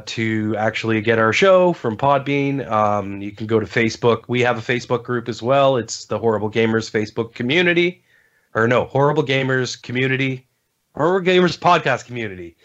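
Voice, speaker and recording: A man on a podcast as a guest rambles through his gaming stories in loose, casual talk, full of ums and restarts. His voice is fairly bright in tone and sits at an ordinary middle pitch. The recording comes across dull and lo-fi.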